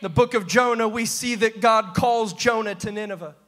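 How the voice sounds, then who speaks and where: A man preaches with a strikingly high, bright, ringing voice. He swings between quiet asides and shouted, half-sung refrains, driving his sermon in a rhythmic sing-song cadence. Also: normal speed, faint music behind. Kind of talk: pentecostal-style sermon.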